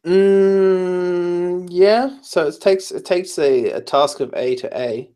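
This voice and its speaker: A high-pitched, slow, warm and smooth voice belongs to a tired programmer talking late at night. He explains programming choices casually, hesitating and using a lot of fillers as he offers advice.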